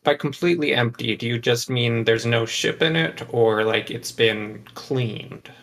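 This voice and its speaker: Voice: mid-range voice, unhurried, a bit bright. Player asking the game master questions.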